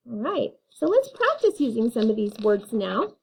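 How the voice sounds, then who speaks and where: A woman's voice: a little high, sing-song, normal speed, creaky, few pauses, breathy edge. A woman teaching a phonics lesson, reading words and having learners repeat them patiently. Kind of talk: phonics lesson, slow and clear.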